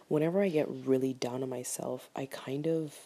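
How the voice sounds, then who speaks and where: A woman's voice: very deep voice, steady tone, moderate pace, dark tone. A young woman in candid personal talk to camera, rambling and heartfelt, full of "like" fillers, sometimes dropping to a whisper. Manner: rambling, heartfelt, self-critical, many "like" fillers. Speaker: vlogger.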